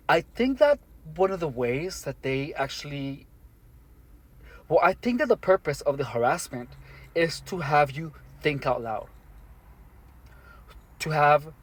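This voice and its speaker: A man speaking alone to the camera in an earnest, matter-of-fact monologue, halting with many restarts and fillers. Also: fairly high pitch. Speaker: vlogger. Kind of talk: first-person monologue to camera.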